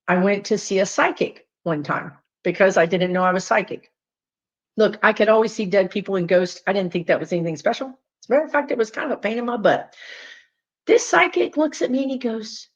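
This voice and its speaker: A woman with a Southern US accent, a spiritual teacher talking casually and emphatically to her viewers, with lively asides. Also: medium pitch, highs cut off. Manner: animated, emphatic, chatty with frequent asides. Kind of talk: casual direct-to-viewer talk.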